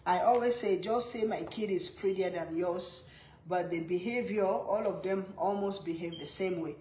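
A woman's voice: on the low side, moderate pace, a little mellow, rough recording. Chatty mother with a strong accent. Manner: chatty, laughs often, greets viewers by name; strong non-native accent. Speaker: mother livestreaming to viewers. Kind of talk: casual live-stream chat.

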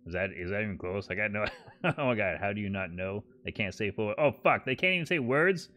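A man's voice: on the low side, lively intonation, a little fast, a bit bright. A man streaming a game, chatting casually with crude jokes and lots of swearing. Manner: crude, joking, swears often. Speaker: gaming streamer. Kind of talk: casual gameplay commentary. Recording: game music behind.

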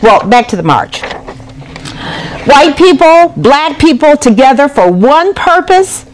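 Lively woman giving a public speech. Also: high voice, slow, a little hiss or hum, low-quality recording. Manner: storytelling with lively rising emphasis. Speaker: speaker at a public event. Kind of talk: speech to an audience.

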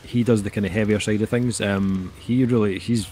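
A man's voice: on the low side, fairly even intonation, normal speed, dark tone, faint music behind. A middle-aged man co-hosting an album review, talking casually and rambling with lots of fillers. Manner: rambling, heavy on fillers like "um" and "kinda".

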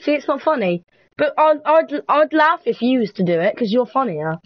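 A woman's voice: high-pitched, big pitch swings, normal speed, no echo, lo-fi sound. A woman chatting casually while playing an online game with a friend, playful and teasing, laughing often. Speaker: gaming vlogger. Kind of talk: casual gaming chat.

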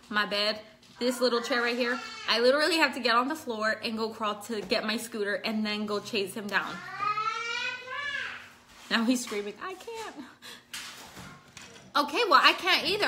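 Slight background noise accompanies a woman whose voice is a little high with a sharp tone. She's a makeup vlogger doing a chatty, scattered tutorial at home, breaking off to address her child as well as her viewers.

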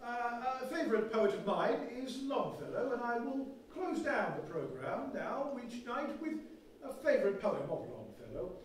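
A man's voice: extremely high pitch, sing-song, normal speed, a little hiss or hum. A man playing an earnest, fussy 1920s radio announcer in a comic one-man stage play, with a pompous, formal manner. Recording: echoey hall, far from mic.

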